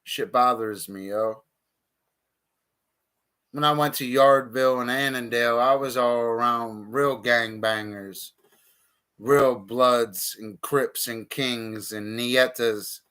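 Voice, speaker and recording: A man's voice: medium pitch, fairly even intonation, slow pace, bright, forceful tone, smooth. A man streaming a casual monologue, talking bluntly and profanely with heated outbursts.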